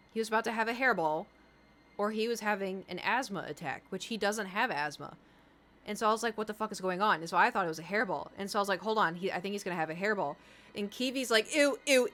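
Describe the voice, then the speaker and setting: A woman's voice: medium pitch, fairly bright tone. Woman streaming, rambly casual storytelling, chats to her cat.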